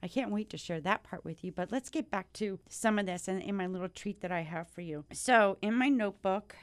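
On her life-coaching podcast, an American woman with a mid-range, clean-toned voice speaks a little fast in a casual monologue, full of effusive thanks and frequent restarts, teary from happiness.

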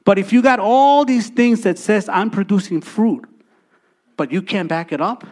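A man in his thirties preaching a sermon, his voice sitting a little high for a man. He drives points home with repeated phrases, rising loud and then dropping to near quiet. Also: moderate pace. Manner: emphatic preaching with repetitions and swings from loud to soft. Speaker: pastor.

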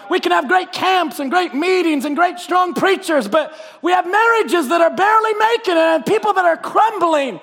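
A man delivers an impassioned sermon in a very high voice, rising to shouts and dropping to hushed scripture reading. His voice rings out with a long reverb through a church sanctuary. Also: expressive, normal speed, few pauses. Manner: impassioned, swings between shouting and quiet reading. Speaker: preacher.

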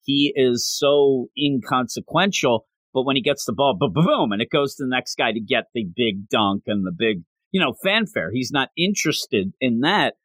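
A man in casual chat, animatedly recapping a story and acting out the characters' lines in quick voices. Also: mid-range voice, animated, fairly bright tone, no room sound.

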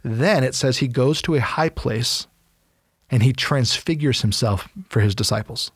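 A man talks through Bible passages on a podcast, casual and animated, slipping into the voices of the people he quotes. His voice sits at a middle pitch and sounds close and dry, with little room sound. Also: unhurried, husky, dry recording. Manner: animated storytelling, acts out quotes. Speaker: podcast co-host. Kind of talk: casual Bible teaching chat.

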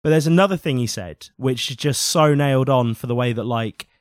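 A British man co-hosting a podcast, lively and opinionated, who isn't shy about swearing. His voice sits at an ordinary middle pitch and is recorded close and dry, with no room sound around it. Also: fairly quick, no echo. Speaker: podcast co-host. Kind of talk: casual podcast chat.

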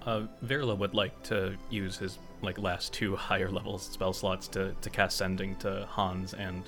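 A man with a very low, flat voice plays his character in a tabletop game, speaking short, measured lines. Faint music sits under the voice. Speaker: player.

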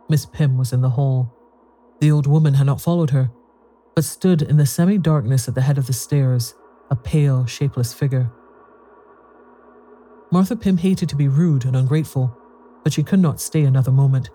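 A man with a very dark, mellow voice reading a ghost story aloud. His telling is measured and even, at a middle pitch for a man. It has the steady feel of scripted storybook narration.

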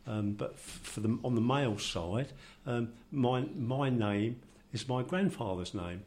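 An older man speaks with a broad London accent, chatty and full of wry jokes. He wanders through long anecdotes in a relaxed, conversational way, at an even, middling pitch. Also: unhurried. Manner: chatty, joking, rambling anecdotes. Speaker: discussion participant. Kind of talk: casual group conversation.

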